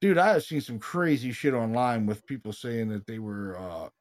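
A man with a medium-pitched voice hosts a paranormal podcast in loose, casual chat. He tells stories with rising excitement, swears freely and keeps saying "dude" and "you know what I mean.". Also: normal speed. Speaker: podcast host, paranormal investigator.

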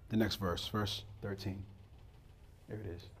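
A man preaching a sermon to his congregation, who calls them "beloved" and acts out a stern grandmother's voice, swinging from loud exhortation to soft, low asides. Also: steady tone, unhurried, long pauses, slightly rough. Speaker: pastor.

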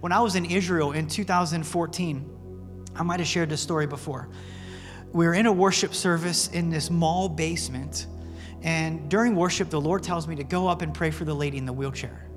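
A male pastor preaching a sermon, telling stories in a casual, earnest way with fillers like "man". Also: on the high side. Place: church sanctuary. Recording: long reverb with faint music in a church.

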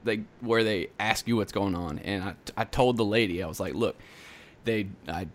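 A man's voice: lowish voice, a little fast. A young man hosting a podcast, telling a long story in a rambling, casual way, laughing and acting out what people said. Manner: rambling, laughing, acts out quotes. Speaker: podcast host.

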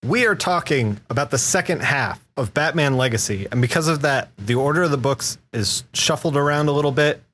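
A man's voice: on the high side, animated, fairly quick, hardly any pauses, a bit bright. A man co-hosting a comic book podcast, steering the talk and teasing his co-host with playful questions and laughter.

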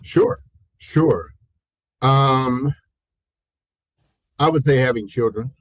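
A dry-sounding man of around sixty, a pastor guesting in a conversational interview, tells stories extremely slowly in a mid-range voice. Animated, he plays out quoted voices, laughs often mid-tale, repeats himself, and keeps saying "you know." The recording is dry and the audio poor.

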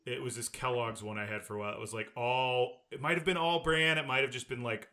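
A man's voice: mid-range voice, fairly even intonation, fast, bright, forceful tone. A man co-hosting a podcast, chatting casually about a sitcom episode, giggling and quoting lines in playful voices. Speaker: podcast co-host.

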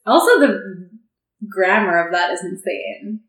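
A woman in casual conversation, wandering from thought to thought with frequent giggles and offhand swearing. Her voice sits at a middling pitch. The room around her rings with echo. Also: normal speed. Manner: giggly, rambling, curious, swears freely. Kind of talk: casual chat.

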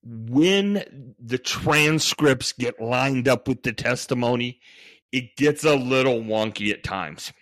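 A man's voice: mid-range voice, lively intonation, takes it slowly, fairly bright tone. A man hosting a podcast in a conversational narrating style, thinking aloud with frequent restarts and fillers. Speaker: podcast host.

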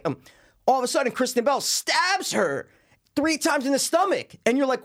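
A man in his thirties, co-hosting a casual movie discussion, ranting with animated swearing. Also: high-pitched. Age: 30s. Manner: animated, swearing, fast-building rants. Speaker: podcast co-host.

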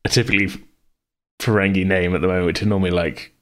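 A man's voice: low voice, little pitch movement, quick pace, fairly bright tone, smooth. A man working as game master, planning a tabletop role-playing campaign over an online voice call, hesitant and laughing often. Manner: hesitant, with frequent laughs and restarts.

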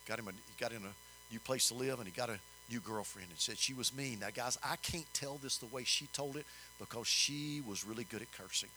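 An older man telling a story in a sermon, folksy and animated, rising in emphasis. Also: medium pitch, brisk, a little hiss or hum, poor audio. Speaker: preacher.

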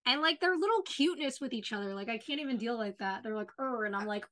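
A woman co-host with a bright, somewhat high voice chats about a show with lively opinions. She fills her talk with "like" and sounds eager and animated. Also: fast talker. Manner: animated, opinionated, says "like" often. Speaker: podcast co-host. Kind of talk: casual chat about a TV show.

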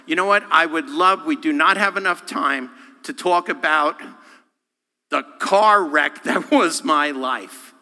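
A man, a guest speaker, preaching a sermon with animated, humorous delivery, acting out voices and quotes. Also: fairly high pitch, measured pace. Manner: humorous, self-deprecating. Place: church sanctuary. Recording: long hall reverb.

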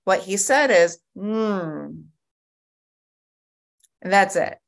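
This woman's voice is lowish and her pace a little slow as she gives her testimony to a recovery group on a video call. She recounts her story with animation, frequently starting sentences over.

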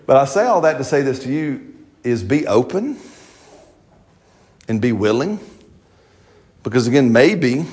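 Lively folksy male preacher. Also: medium pitch, brisk. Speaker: pastor. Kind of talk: sermon.

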